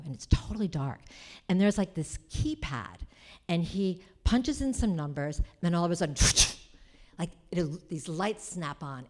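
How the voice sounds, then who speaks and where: A woman from Rhode Island telling a personal story on stage, chatty and full of quick asides. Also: on the low side. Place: cultural center stage before an audience.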